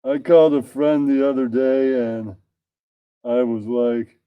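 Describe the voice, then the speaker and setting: A man's voice: mid-range voice, steady tone, measured pace, clean tone, no room sound, highs cut off. Profane man reading crude jokes. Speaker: comedian.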